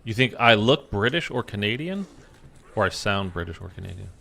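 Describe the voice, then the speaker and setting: A male gaming YouTuber chats loosely over his gameplay, rambling and leaning on fillers. His voice is fairly low and gravelly, with a bright, forceful edge. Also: animated, a little fast, slight background noise. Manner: rambling, filler-heavy, chatty. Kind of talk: casual gameplay commentary.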